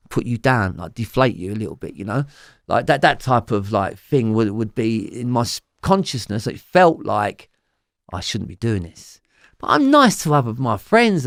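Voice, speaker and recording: A Cockney man talks as an interview guest, rambling and swearing as he tells his story. He fills his sentences with "you know" and "like," and his voice swings from loud bursts to quiet asides. The sound is close and dry, with no room around it. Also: on the high side, dry recording. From London, England. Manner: rambling and profane, full of fillers.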